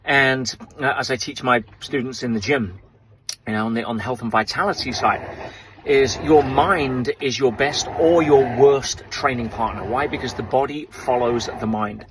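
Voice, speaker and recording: A man on a small rowing boat out at sea, recording a reflective, motivational video diary in a halting, thoughtful way with many fillers. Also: mid-range voice, background noise. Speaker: ocean rower sending a video update.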